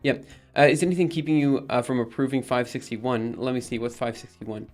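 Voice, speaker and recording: Casual male streamer talking through plans, halting and self-correcting, soft music underneath. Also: medium pitch, fairly even intonation. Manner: thinking aloud, many ums and restarts. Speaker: streamer and project maintainer. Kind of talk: casual live-stream chat.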